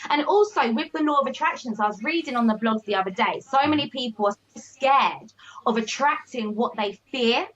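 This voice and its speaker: A woman's voice: on the high side, normal speed. A woman, a business coach, talking emphatically in a motivational conversation and checking in with "all right?", on slightly muffled lo-fi audio. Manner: animated, emphatic, repeats "all right?" and "okay?".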